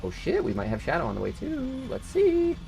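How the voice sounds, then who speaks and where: Gravelly streamer man chatting casually. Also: fairly high pitch, wildly swooping pitch, fairly quick, a little mellow, soft background music. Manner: chatty, swears casually, banters with friends and chat. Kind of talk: casual live-stream chat while gaming.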